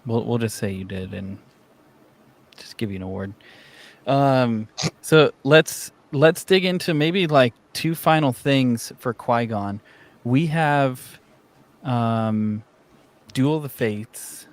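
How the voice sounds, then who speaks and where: A man's voice: mid-range voice, takes it slowly. A man hosting a casual podcast chat who uses lots of fillers and steers the conversation back on topic. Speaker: podcast host.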